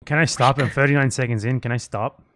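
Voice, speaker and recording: A man's voice: medium pitch, fairly even intonation, fast talker, fairly bright tone. A man hosting a livestream who speaks bluntly and sarcastically and swears freely in casual banter. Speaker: livestream host.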